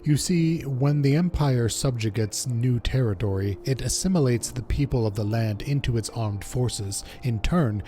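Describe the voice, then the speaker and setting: A man voicing a formal, secretive male merchant, reading game dialogue aloud in a measured, somewhat stilted way. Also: mid-range voice, dark tone, close to an everyday voice.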